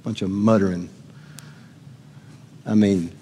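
A middle-aged man preaches as pastor to his congregation in a church sanctuary, talking conversationally and asking them questions. His mid-range voice is expressive and moderately paced, and the recording carries long hall reverb.

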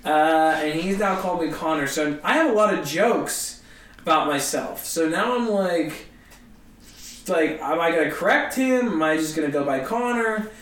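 A man, a comedian, telling a story in an animated, self-mocking way in conversation. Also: on the high side, moderate pace, reverberant, recorded from a distance. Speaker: comedian guest.

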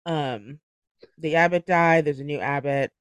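A man with a fairly high voice hosts a relaxed book club podcast. He laughs often and strings his thoughts together with lots of "like". The sound is dry and close. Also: a little slow, clear, resonant tone, no echo, lo-fi sound. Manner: chatty, laughs often, fills with "like". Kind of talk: casual chat.

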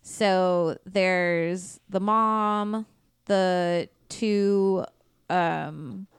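A woman hosts a true crime podcast, walking through a case at an unhurried pace. Her voice sits fairly low and is very clean and smooth. She talks bluntly and swears freely, and the recording is close and dry with no room sound. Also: steady tone, no echo. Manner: blunt, profane, conversational retelling. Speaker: podcast host. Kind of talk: casual true crime storytelling.

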